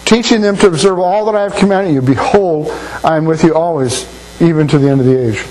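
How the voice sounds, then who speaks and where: An older man preaches in a folksy, storytelling way, stumbling over and repeating words as he gathers his thoughts. His voice sits a little high for a man, and a faint electrical hum runs under the recording. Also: brisk, a little mellow, rough recording. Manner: folksy, anecdotal, repeats words while thinking. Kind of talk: sermon.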